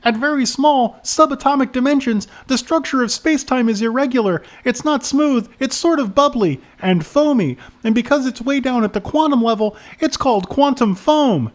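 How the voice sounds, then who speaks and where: A man's voice: very high-pitched, normal speed, few pauses, voice pushed up. A man voicing an earnest, bespectacled eleven-year-old boy who explains things patiently.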